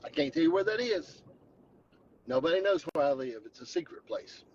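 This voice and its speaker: A man's voice: fairly high pitch, lively intonation, moderate pace, a little mellow, dull audio, a little hiss or hum. A man vlogging from his truck on the drive home, telling an exaggerated mock-dramatic story in a Southern Appalachian accent. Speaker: vlogger host. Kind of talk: joking storytelling vlog.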